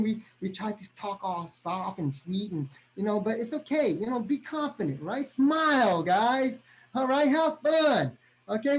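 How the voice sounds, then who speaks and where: A man giving an energetic motivational training talk over a video call, constantly checking in with his listeners. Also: high voice. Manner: energetic, punctuates every point with "right?".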